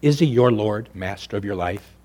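A male pastor preaching a sermon, swinging between loud, raised preaching and quiet, low, intimate speech. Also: lively intonation, moderate pace.

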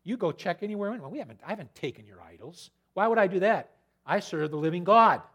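A man's voice: sits high, expressive, fairly quick, fairly bright tone, slightly rough, voice pushed up, heavily acted. A man voicing an indignant younger man who protests his innocence with emphasis.

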